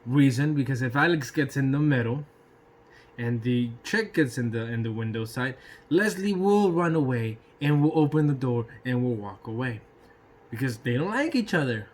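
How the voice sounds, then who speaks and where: A man telling a casual personal anecdote in an animated way, swearing freely and throwing in sound effects. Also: medium pitch, normal speed. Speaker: storyteller.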